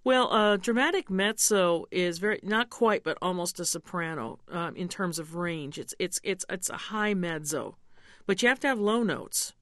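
A middle-aged mezzo-soprano opera singer is interviewed about her roles, speaking thoughtfully and candidly and slowly coaching pronunciation. Her voice is on the low side, animated and a bit bright, captured in studio quality with no echo.

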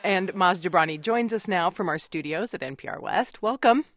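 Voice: medium pitch, lively intonation, normal speed, fairly bright tone. A radio host introducing and interviewing a guest in a conversational way. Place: radio studio.

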